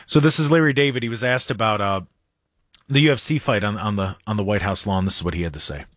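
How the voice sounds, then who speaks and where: A man's voice: lowish voice, fast talker, a bit bright, no echo, studio quality. A man hosting a political talk show, mocking and sarcastic in his commentary.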